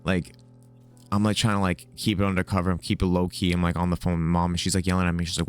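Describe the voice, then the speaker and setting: Very deep-voiced young man rambling through a story. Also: little pitch movement, quick pace, clean tone, dry recording. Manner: rambling, profane, filler-heavy storytelling. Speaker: storyteller, video host. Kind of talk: casual comedic trip story.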